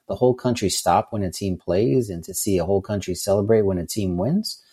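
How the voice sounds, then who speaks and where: A middle-aged man with a notably low voice co-hosts a sports chat. He sounds eager and often doubles his words mid-sentence. He talks like a coach sharing his view. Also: a little fast, dark tone, husky. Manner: enthusiastic, repeats words as he talks. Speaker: co-host, soccer coach. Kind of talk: casual chat.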